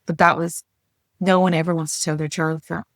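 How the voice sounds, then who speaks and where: A middle-aged woman telling her story as a podcast guest, frank and earnest, with blunt language and quick restarts. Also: on the low side, little pitch movement, dry recording, clean studio sound. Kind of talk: candid conversational storytelling.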